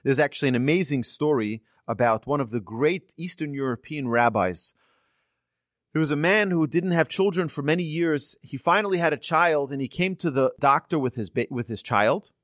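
A man's voice: a little high, moderate pace, no room sound, studio quality. A man giving an earnest sermon full of stories, his voice climbing for emphasis at key moments. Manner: earnest, animated storyteller with rising emphasis. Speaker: rabbi giving a talk. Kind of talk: sermon with storytelling.

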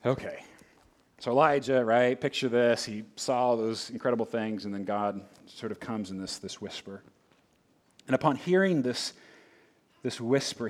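A middle-aged man preaching a sermon in a conversational way, full of asides and rhetorical questions. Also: medium pitch. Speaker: pastor.

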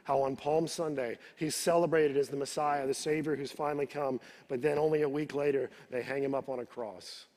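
A man's voice: mid-range voice, fairly even intonation, brisk, hardly any pauses, darkish tone. A male pastor preaching a sermon, retelling the scripture in his own words and repeating words as he builds each point. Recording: reverberant hall.

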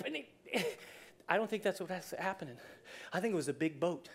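Preacher telling a story in a sermon: lively, chatty, acts out the scenes. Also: medium pitch, brisk, vocal fry, slightly rough. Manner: conversational, with restarts and asides.

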